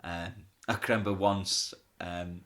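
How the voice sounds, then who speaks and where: Speaking in a low but bright, forward voice, a pantomime comedian tells casual backstage stories during an interview. Chatty and laughing readily, he imitates the voices of those he quotes.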